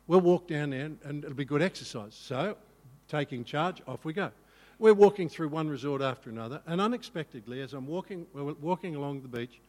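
Animated male pastor in a reverberant hall. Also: a little high. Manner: animated, self-mocking storyteller. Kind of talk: storytelling sermon.

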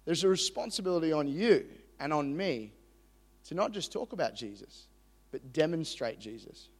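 A young Australian preacher delivers his sermon in an animated, self-deprecating style, often stopping to restart a sentence. His voice sits a little high for a man. A long hall reverb trails after each phrase. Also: moderate pace. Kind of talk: sermon with personal story. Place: church hall.

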